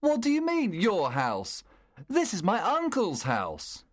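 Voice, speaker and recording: A man's voice: sits high, wildly swooping pitch, slow, pitched above the performer's own voice, heavily acted. A man reading a story, voicing a frightened young man who pleads urgently. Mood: pleading.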